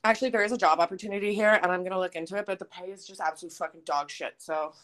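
A young woman co-hosting a podcast over a remote call, joking deadpan and swearing casually. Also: lowish voice, racing, heavy background noise. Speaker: podcast co-host. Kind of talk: casual chat.

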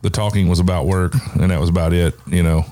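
A man speaks in a measured, reflective way and swears casually now and then. His voice is very deep and has a warm, dark tone. He sounds relaxed and conversational. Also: no echo.

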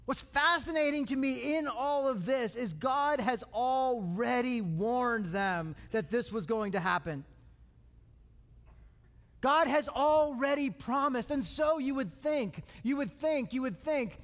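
A male pastor preaching a sermon, animated and calling on the congregation to answer. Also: very high-pitched. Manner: animated, calls for congregation response. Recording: long hall reverb.

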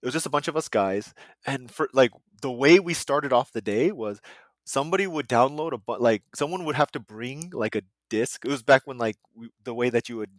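A man's voice: medium pitch, a little fast, dry recording, studio quality. Laid-back man hosting a podcast. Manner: laughs often, relaxed rambling anecdotes. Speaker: podcast host. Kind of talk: casual chat.

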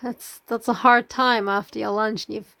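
Brief: woman, casual podcast co-host, higher voice, jokey and sweary. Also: fairly even intonation, moderate pace, creaky, sharp tone. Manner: joking, sweary, chatty. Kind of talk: casual book-club chat.

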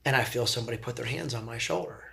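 Man, middle-aged, earnest, animated storyteller, stumbles on first words, average pitch. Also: racing, creaky. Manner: earnest, animated, repeats words when starting sentences. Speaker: podcast guest. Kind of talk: casual storytelling.

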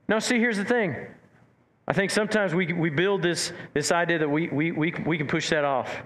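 A man preaching a sermon as pastor, animated, stumbling over repeated words and acting out quotes. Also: high voice, moderate pace, a little hiss or hum.

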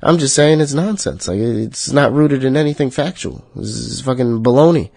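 A man hosting a solo podcast, talking in a profane, heated rant that jumps high and loud when he gets worked up. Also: moderate pace, vocal fry, breathy edge, dry recording. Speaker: podcast host.

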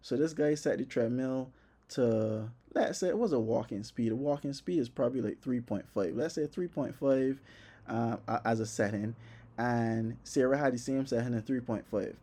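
A young man telling a comic story about a workout, animated and profane, acting out his own reactions. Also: medium pitch, normal speed, husky. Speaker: vlogger. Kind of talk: comedic personal storytelling.

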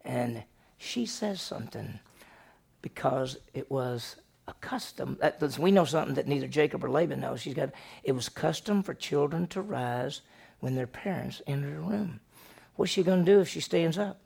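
A male pastor preaches in a slightly high, gravelly voice. He tells the story with animated delivery and acts out the characters' lines as he goes. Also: normal speed. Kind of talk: sermon.

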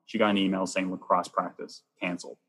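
A man who works as a Catholic youth minister, telling personal stories earnestly in a chatty way, sometimes rushing with excitement. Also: sits low, breathy edge, rough recording. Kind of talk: personal storytelling in an interview.

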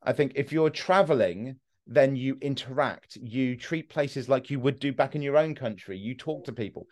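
A man's voice: mid-range voice, normal speed. A man from England with an English accent, telling travel stories in casual conversation, swearing freely and acting out quotes. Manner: swears freely, animated storytelling with acted-out quotes. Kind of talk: casual chat.

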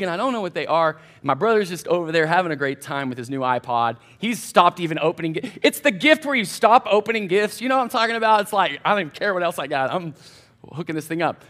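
A man, a college pastor giving a casual storytelling sermon in a church, chatty and animated as he talks straight to the crowd. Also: sits high. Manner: chatty, animated anecdotes addressing the crowd directly.

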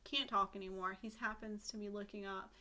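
A woman co-host tells a story in loose, casual chat, with a voice that sits in an ordinary middle range. She swears freely along the way. She slips into quick asides for the characters' lines. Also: mid-range voice, steady tone, sharp tone. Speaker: podcast co-host.

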